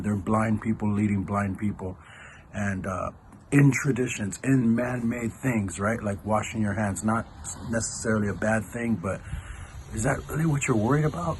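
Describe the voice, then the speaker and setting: Low-voiced guy casually explaining a bible passage, saying "like" and "right?" a lot, noisy background. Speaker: church elder. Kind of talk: casual devotional teaching.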